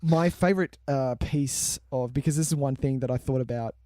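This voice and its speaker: A man's voice: mid-range voice, normal speed, warm tone, dry recording, studio quality. A man co-hosting a casual film podcast, enthusiastic and swearing freely. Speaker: podcast co-host.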